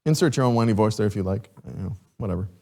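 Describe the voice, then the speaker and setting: A man teaching a Sunday school class, reading scripture and questioning his students in a lively, chuckling way. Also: fairly low pitch, racing. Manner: animated, asks the class questions, chuckles often.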